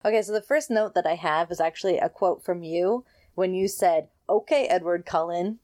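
Woman, low-ish voice, casual co-host, animated storyteller who slips into characters' lines. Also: fairly quick. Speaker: podcast co-host. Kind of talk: casual recap chat. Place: home, dog nearby.

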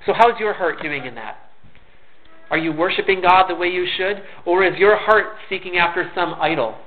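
A man's voice: high voice, moderate pace, faint music behind. A man preaching a sermon in an earnest, conversational way, often restarting his words. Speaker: pastor. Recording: tinny phone-like sound.

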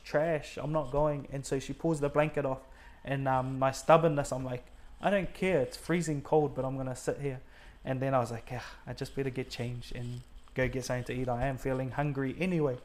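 Earnest and conversational, this New Zealand man shares a personal faith story as a guest. His voice is mid-range with a darkish tone. He acts out his own quoted words and those of others, and his speech is full of fillers.

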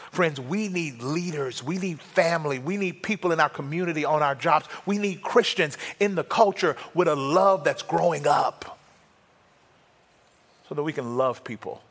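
A middle-aged male pastor preaching an animated, humorous sermon that builds to rousing exhortation. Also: mid-range voice. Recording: reverberant hall.

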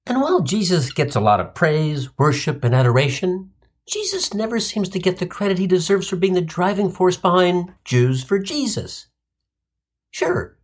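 A man's voice: a little high, breathy edge. Wisecracking man with a New lilt. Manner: wisecracking, sardonic, full of Yiddish asides. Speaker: comedic storyteller. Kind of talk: comic monologue.

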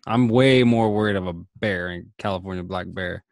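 Low male co-host, wry and skeptical, dry close sound. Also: normal speed, no room sound. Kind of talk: casual chat.

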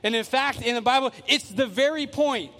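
A man's voice: very high voice, normal speed, sharp tone, big-room sound. A male pastor preaching a sermon in a church, earnest and emphatic, repeating phrases as he builds. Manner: earnest, repetitive, emphatic with restarts. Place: church sanctuary.

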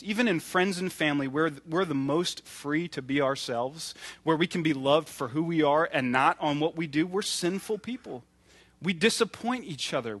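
A man's voice: fairly high pitch, a bit bright. A man in his thirties preaching a sermon in an earnest, conversational way, acting out little stories as he goes. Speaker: pastor.

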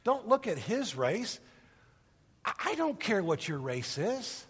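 A man preaching a sermon, retelling a parable with animated storytelling that swings from loud to hushed, in a church hall. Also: sits high, slow pace, husky. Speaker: pastor. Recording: long reverb of a large hall.

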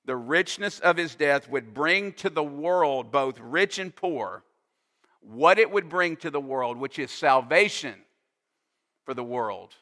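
A man preaching a sermon as a pastor, slow and emphatic, pausing to explain with asides. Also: fairly high pitch, lively intonation, sharp tone. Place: church sanctuary. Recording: long reverb of a hall.

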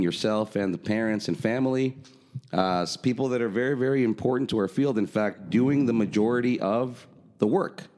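A man with a warm, lowish voice co-hosts a casual podcast. His speech is conversational and loose, with frequent fillers and ready laughter.

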